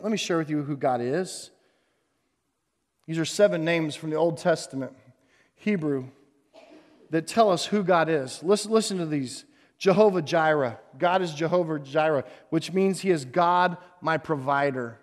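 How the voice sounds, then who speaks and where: Man preaching, high voice, long hall reverb, hushed to loud, repeats lines. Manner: swings from hushed to loud, repeats phrases for emphasis. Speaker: pastor. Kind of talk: sermon.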